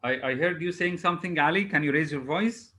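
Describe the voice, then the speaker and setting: A man's voice: a little high, brisk, pushed and bright, low-quality recording. A man teaching English over a video call. He is patient, spells words out letter by letter and hesitates often. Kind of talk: online class drilling exam word formation.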